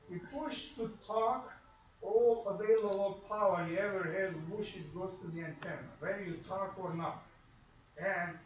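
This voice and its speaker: Speaking in a high pitch, a man lectures his radio course students and dramatizes examples through quoted asides. The classroom audio is echoey and dull, captured at a distance, with slight background noise.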